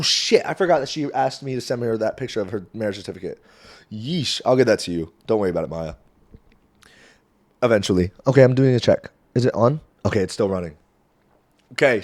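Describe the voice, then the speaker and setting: A young man rambling into his phone camera at home, swearing freely and swinging between quiet asides and loud bursts. His voice sits a little low for a man. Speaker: vlogger. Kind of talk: casual rambling monologue. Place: small home room.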